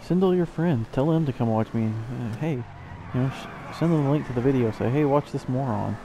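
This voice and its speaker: A man's voice: medium pitch, brisk, background noise. A tired man casually commenting while playing a video game, rambling with self-mocking asides. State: yawning, tired. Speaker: let's play host.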